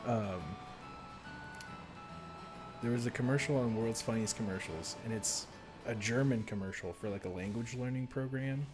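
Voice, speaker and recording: A man's voice: medium pitch, moderate pace, long pauses, music in the background. A man streaming a video game, chatting casually and rambling from story to story, laughing often. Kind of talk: casual live-stream chat.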